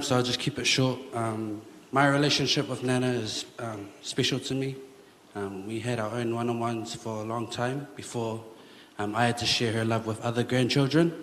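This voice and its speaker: A man's voice: mid-range voice, slight background noise. A young man giving a hesitant funeral eulogy for his grandmother in a large church, holding back tears. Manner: emotional, hesitant, many ums. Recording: church with long reverb, faint ambience.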